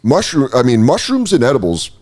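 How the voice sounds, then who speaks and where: A man's voice: medium pitch, brisk. A man in casual podcast chat, telling a story with lots of acted-out reactions and casual swearing. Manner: animated storyteller acting out his own reactions; swears freely.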